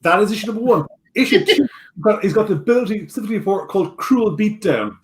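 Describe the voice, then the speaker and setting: A man's voice: high-pitched, very animated. Game master man running a tabletop session. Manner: casual, quick rulings with frequent fillers. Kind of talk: running a tabletop game over a video call.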